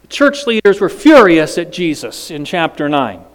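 A high, clear male voice preaching slowly and dramatically, throwing questions out to the congregation. The sound rings with a long church-hall reverb. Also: sing-song. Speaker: pastor. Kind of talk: sermon.

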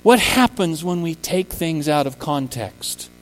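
High-voiced unhurried male preacher. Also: animated, big-room sound, soft background music, poor audio. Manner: emphatic, rising to impassioned peaks on key words. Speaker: preacher and teacher. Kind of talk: sermon.

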